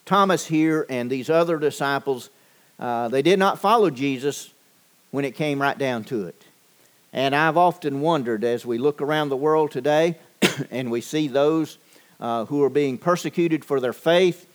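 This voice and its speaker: A man preaching a sermon, measured and deliberate, with frequent pauses and fillers. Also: on the high side. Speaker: pastor.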